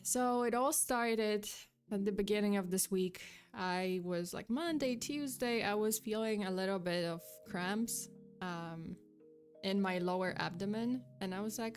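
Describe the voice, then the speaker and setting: A woman's voice: medium pitch, measured pace, faint music behind. A young woman streaming as a VTuber, telling a story in casual chat, rambling with many fillers and restarts and slightly out of breath. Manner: chatty, rambling, with frequent fillers and restarts, breaking off to thank chat.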